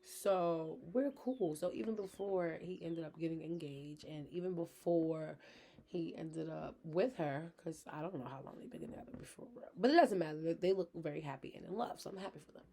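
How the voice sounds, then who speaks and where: Candid mother vlogging, with a gravelly voice. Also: low-pitched, normal speed, warm tone, a little hiss or hum. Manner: frank, chatty, addresses viewers directly. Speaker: vlogger, mother of her kids. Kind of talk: candid personal vlog talk.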